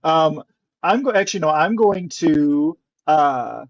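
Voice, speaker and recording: Male tabletop player, halting and joking, gravelly, muffled mic. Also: a little high, expressive, no room sound. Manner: hesitant, lots of ums and restarts, laughs. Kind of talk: playing a tabletop game.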